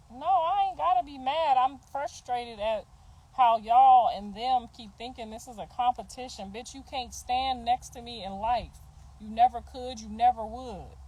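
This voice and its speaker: Sassy high-voiced woman ranting. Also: measured pace, dark tone, low-quality recording. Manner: profane, sassy, confrontational, laughs between jabs. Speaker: mother ranting on a livestream. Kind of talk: heated casual rant.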